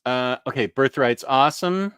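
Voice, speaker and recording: A man's voice: medium pitch, normal speed, fairly bright tone, smooth, dry recording, studio quality. A man hosting a live comic book stream, chatting casually and joking while he browses new releases. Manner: chatty, jokey, thinking aloud while browsing. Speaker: comic book show host.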